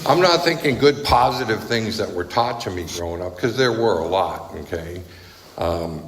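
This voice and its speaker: In an echoey hall with a faint hum of noise, a man with a lowish voice and lively intonation shares his story at a recovery meeting. He speaks at a moderate pace, bluntly and conversationally, frequently checking in with "right?" and "okay?".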